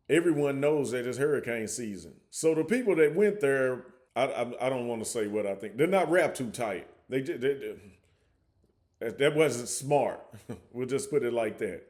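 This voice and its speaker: Chatty man hosting reaction commentary. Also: medium pitch. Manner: conversational, stammering restarts. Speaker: commentary host.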